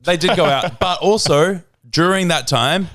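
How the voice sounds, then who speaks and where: A fairly high-pitched man speaks at a measured pace while co-hosting a podcast. He's a lively storyteller in relaxed conversation and performs quoted lines in a louder voice.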